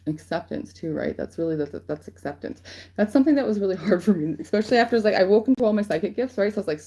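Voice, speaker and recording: A woman's voice: mid-range voice, lively intonation, rapid-fire, mellow, breathy edge. A woman giving casual spiritual guidance on a livestream, rambling and swearing freely with lots of fillers. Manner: rambling, profane, filler-heavy. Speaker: spiritual reader channeling guidance.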